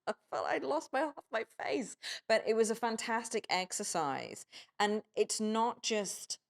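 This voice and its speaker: A woman's voice: on the high side, expressive, measured pace, vocal fry. A woman, an actor guest, chatting casually in an interview, guessing aloud and telling stories with animation.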